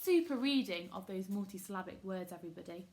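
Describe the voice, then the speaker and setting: A woman's voice: medium pitch, lively intonation, fast talker, a little mellow. A woman teaching a phonics lesson to young children, upbeat and encouraging, sounding words out syllable by syllable. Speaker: primary school teacher.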